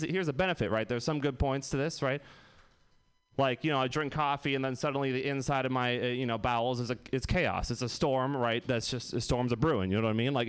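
A man's voice: mid-range voice, clear, resonant tone. A man in his twenties doing a rambling stand-up set, laughing at his own jokes. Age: 20s. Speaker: stand-up comic.

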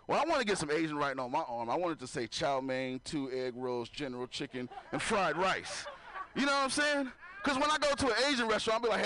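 On a comedy club stage before a live audience, a man with a high, animated, brisk voice and a sharp tone does stand-up, chatting loosely with the crowd and laughing at his own jokes. His manner is loose and conversational, and he keeps asking people to clap. There's no echo.

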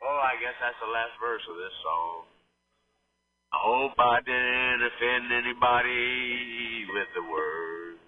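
A male radio host talking in an offhand, low-key way, trailing off at the ends of sentences, over a tinny, noisy line. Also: slow, distant mic, faint music behind. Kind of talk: casual radio talk.

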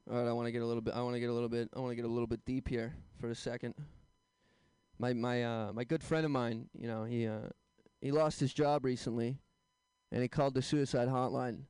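A young man doing a stand-up set, telling deadpan one-liners with quick asides to the crowd. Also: medium pitch, clear, resonant tone, no echo. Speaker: stand-up comedian. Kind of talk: stand-up set at an open mic.

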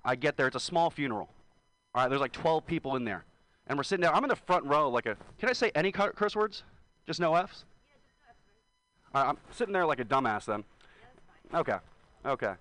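Hungover guy in his twenties doing a stand-up set, kinda high voice, rambly and crude. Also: animated, a little fast, long pauses, a bit bright, no echo, poor audio. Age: 20s. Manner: rambling, self-deprecating, profane. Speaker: stand-up comedian. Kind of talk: stand-up set at an open mic.

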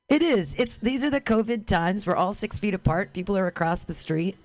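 A woman's voice: mid-range voice, moderate pace. A woman doing stand-up comedy outdoors on a street corner, calling out to passers-by and joking about herself. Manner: calls out to passers-by, self-mocking.

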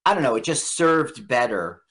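Lively, bright-voiced male radio co-host. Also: mid-range voice, moderate pace. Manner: rambling, lively storytelling. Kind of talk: casual chat about movies.

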